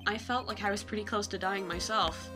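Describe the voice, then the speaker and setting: A woman's voice: mid-range voice, fairly even intonation, fairly quick, music in the background, pitched below the performer's own voice, natural voice. A woman voicing a cheerful, chatty young woman medium in a video game read-along.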